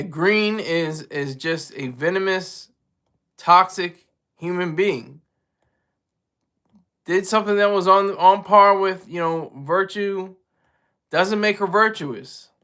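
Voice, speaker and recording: A man with a high, bright voice hosts his own show in loose solo commentary. He stops and restarts a lot, leaning on ums and you-knows. He chuckles often as he talks. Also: clean tone. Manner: halting, rambling, heavy on fillers; chuckles often while talking. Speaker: show host.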